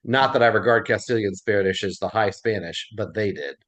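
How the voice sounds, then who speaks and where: A man's voice: lowish voice, a little fast, a bit bright. A man leading a Bible class, telling a story in a chatty way and encouraging his students. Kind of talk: casual class discussion.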